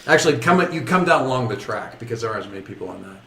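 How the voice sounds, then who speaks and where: A man's voice: mid-range voice, expressive, racing, sharp tone. Man, game master, tabletop narration, rambling, self-correcting, roomy echo.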